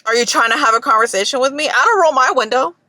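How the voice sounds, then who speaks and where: A woman's voice: sits high, fast talker, pushed and bright, no echo. A young woman ranting bluntly and profanely in a casual monologue, talking from her parked car. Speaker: vlogger.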